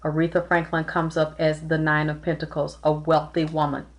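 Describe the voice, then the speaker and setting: A woman's voice: low voice, monotone, normal speed. A woman giving a live-streamed tarot and spirit reading, talking earnestly and emotionally, often repeating herself. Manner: close to tears at times. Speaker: tarot reader and psychic.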